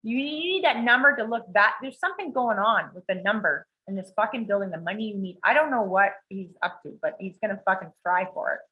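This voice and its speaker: This podcast co-host, on a video call with phone-quality sound, tells a story in a casual chat with a medium-pitched voice, fairly quick and with hardly any pauses. She swears liberally and animatedly acts out the quoted words of the people in the story.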